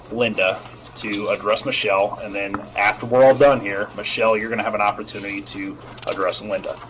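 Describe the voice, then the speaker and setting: Middle-aged guy, HR manager testifying, lowish voice, careful and explaining, faint hiss behind. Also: pushed and bright, low-quality recording. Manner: measured, explanatory, repeats himself. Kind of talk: formal testimony.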